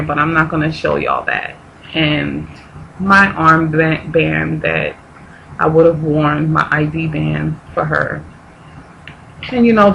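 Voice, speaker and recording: A woman speaks to her viewers in a personal vlog, fighting back tears as she talks. Her voice is gravelly and tense, and she halts and repeats herself, searching for words. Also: deep voice, fairly bright tone, a little hiss or hum, poor audio. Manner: halting, repeats herself, restarts often. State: near tears, grieving. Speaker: vlogger.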